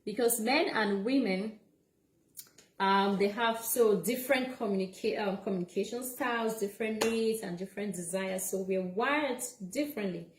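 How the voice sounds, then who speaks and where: A woman's voice: medium pitch, normal speed, slight background noise. Earnest woman giving advice, echoey room. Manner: earnest, repeats points, many "okay?" and "you know?". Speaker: relationship advice livestreamer. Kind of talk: casual livestream advice talk.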